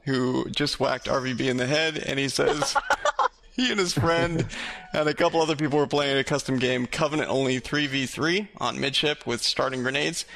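A man's voice: medium pitch, moderate pace, vocal fry, a little hiss or hum. A man hosting a casual podcast, reading out listener stories with lots of laughter. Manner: laughs often, animated storytelling. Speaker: podcast host.

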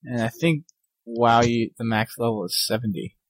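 A man's voice: medium pitch, normal speed, no room sound. A young man co-hosting a casual gaming podcast, reading listener emails in a laid-back way. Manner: laid-back, laughs often. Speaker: podcast co-host.

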